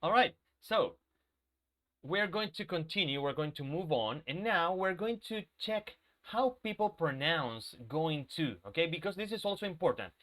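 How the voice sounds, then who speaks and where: A man's voice: fairly high pitch, lively intonation, normal speed, fairly bright tone. A male English teacher with a sore throat, leading a live online class and patiently checking in with students. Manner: patient, checks in with students, repeats key points.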